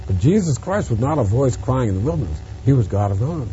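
A man preaching an expository Bible lesson, emphatic, rising on stressed words and dropping quiet on asides. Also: mid-range voice, very animated, fairly quick, lo-fi sound, slight background noise. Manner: emphatic, swings from loud stresses to quiet drops.

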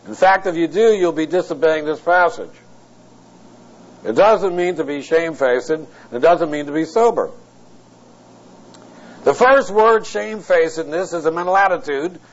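High-voiced preacher on dull old tape. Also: male voice. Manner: teaching word by word with wry, blunt asides. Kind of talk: expository sermon.

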